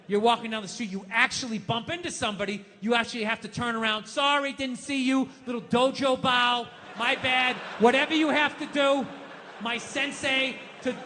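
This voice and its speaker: A man performing a stand-up comedy set, ranting with lots of profanity and building up to shouted punchlines. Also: extremely high pitch, brisk. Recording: live hall reverb, faint background noise.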